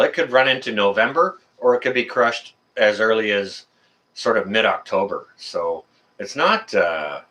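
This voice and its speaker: Lively, bright-voiced man chatting. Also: mid-range voice. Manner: chatty, talks to viewers and reads chat aloud. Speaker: live stream host. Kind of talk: casual live-stream chat. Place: apartment.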